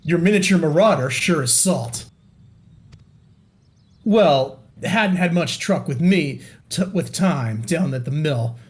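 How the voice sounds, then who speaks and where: A man's voice: on the high side, animated, slow pace. A man voicing a polite, apologetic male pirate crewman, reading game dialogue in a folksy pirate dialect. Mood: cheery. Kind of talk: reading game quest dialogue aloud in character.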